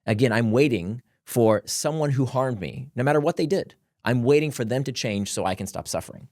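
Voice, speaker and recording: Animated man with a dry close sound. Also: medium pitch, a little fast, no room sound. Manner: animated, laughs between points. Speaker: guest author. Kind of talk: conversational explaining.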